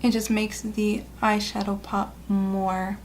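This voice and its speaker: A woman's voice: medium pitch, little pitch movement, takes it slowly, darkish tone, slight background noise. A woman beauty vlogger talking viewers through a makeup tutorial in a chatty, upbeat way. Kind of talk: casual makeup tutorial narration.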